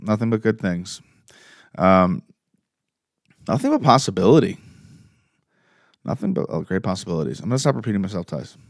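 A young man co-hosting a podcast, chatting casually and excitably about a movie, rambling and laughing often. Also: lowish voice, brisk, vocal fry, long pauses, dry recording, clean studio sound. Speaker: podcast co-host. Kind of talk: casual fan chat reviewing a movie.

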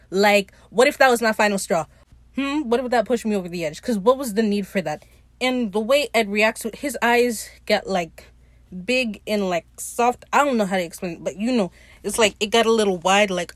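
Excited woman gushing over a show. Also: mid-range voice, normal speed, no room sound. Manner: animated, gushing and swearing, acts out the characters' lines. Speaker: podcast host recapping a TV episode. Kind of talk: casual solo commentary.

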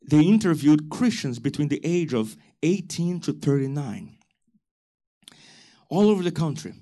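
A man preaching a church sermon, building to loud, emphatic calls to the congregation. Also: a little high, big pitch swings, measured pace. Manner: preaching with rising shouted emphasis and call-and-response. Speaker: pastor.

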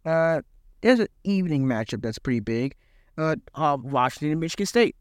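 A man with a somewhat raised pitch that jumps around lively as he chats football. He hedges a lot, trailing into "I don't know", and the close recording is dry and dead. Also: brisk, dry recording. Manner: hesitant, lots of uh and I don't know, breezy slang. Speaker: podcast co-host. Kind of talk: casual sports chat.

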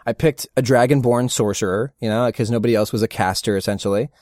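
A middle-aged man, a voice actor, chatting casually as an interview guest and telling rambling, animated stories with frequent laughs. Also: mid-range voice, quick pace, no room sound, studio quality. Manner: rambling, animated storyteller who laughs often. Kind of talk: casual anecdotal chat.

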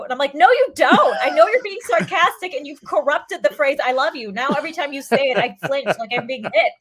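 A woman in casual conversation, ranting in a quick, profane, joking way. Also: high-pitched, fairly bright tone. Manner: fast, profane, joking rants. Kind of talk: casual chat.

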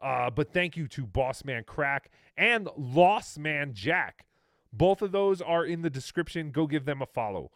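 A man hosting a podcast reacts to stream clips in casual commentary, amused, sarcastic and laughing often. His voice is on the high side, animated and fairly bright, at a measured pace, recorded studio-quality with no echo.

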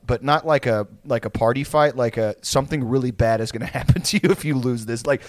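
A man's voice: medium pitch, a little fast, dry recording, studio quality. A man in his late twenties telling a rambling, profane story in casual chat and laughing through it. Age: 20s.

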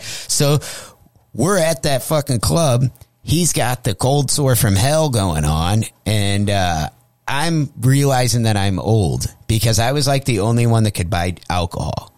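A man's voice: medium pitch, no echo. A male comedian telling a profane comic story as a guest, acting out the voices he quotes. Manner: animated, acts out quoted voices. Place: radio studio.

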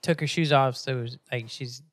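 A man's voice: medium pitch, brisk. A man co-hosting a podcast who tells a casual story to friends, swearing freely and acting out the people he quotes. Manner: profane, animated, acts out quoted people. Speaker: podcast co-host.

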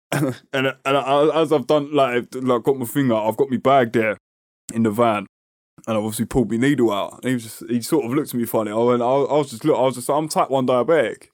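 A man's voice: mid-range voice, fairly even intonation, a little fast, no room sound, studio quality. A man with a London accent co-hosting a podcast, telling stories in slangy casual chat and laughing between lines. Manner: laughing, slangy, stumbles on words. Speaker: podcast co-host.

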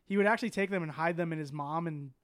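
A man's voice: on the high side, fast, a bit bright, clear, resonant tone, no room sound, clean studio sound. A man hosting a casual podcast chat and telling a story in a loose, laid-back way with plenty of swearing. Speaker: podcast host.

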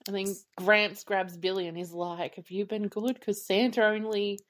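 A woman co-hosting a podcast, chiming in with quick jokes and frequent giggles. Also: mid-range voice, steady tone. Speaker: podcast co-host. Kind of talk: casual movie recap chat.

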